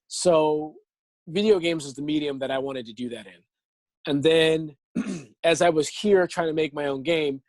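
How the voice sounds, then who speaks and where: Young guy rambling through stories, kinda high voice, super dry close sound, does all the voices. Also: dry recording. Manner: animated, acts out quotes, laughs often. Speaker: interview guest, actor. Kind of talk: casual storytelling interview.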